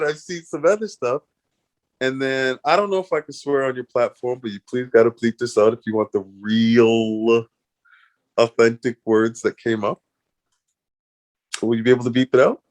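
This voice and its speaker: A man's voice: medium pitch, fairly even intonation, moderate pace, a little mellow. A man from Canada, a guest in an interview, telling a story animatedly with laughs and restarts.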